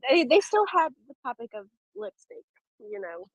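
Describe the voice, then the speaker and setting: A woman's voice: high voice, very animated, normal speed, dull audio, a crowd in the background. A woman guest in a casual beauty chat, talking freely about her own makeup habits. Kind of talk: casual chat on a live audio room.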